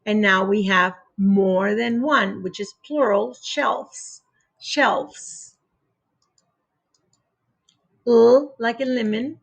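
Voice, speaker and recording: Slow, gravelly-voiced woman teaching phonics. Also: medium pitch. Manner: spells words sound by sound with clear pauses; patient and instructive, repeats each rule. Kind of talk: slow, deliberate phonics lesson for young children.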